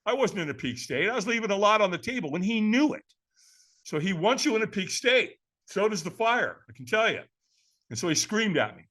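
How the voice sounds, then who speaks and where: Older man in his seventies, high voice with bright edge, animated podcast-guest storytelling, casual "man" talk. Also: a little fast. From California, USA. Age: 70s. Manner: lively, acts out quoted voices, says "man" often.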